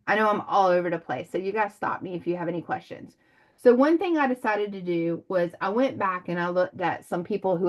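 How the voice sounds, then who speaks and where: A middle-aged woman leading a direct sales team meeting, talking in a rambling, chatty way with many ums. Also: medium pitch. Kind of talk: casual team meeting talk.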